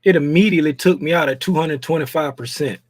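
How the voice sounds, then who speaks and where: A man's voice: on the high side, quick pace, dry recording. Frustrated man muttering while trading. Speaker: trading channel host. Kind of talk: casual live commentary while trading.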